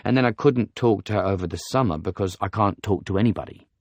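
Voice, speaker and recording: Low-voiced man narrating an audiobook. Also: quick pace, darkish tone, no room sound. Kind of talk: scripted first-person novel narration.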